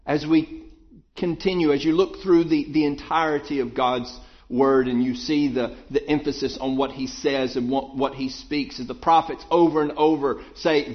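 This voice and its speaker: A man preaching a Bible sermon, asking questions and dropping low to answer them. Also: dull audio.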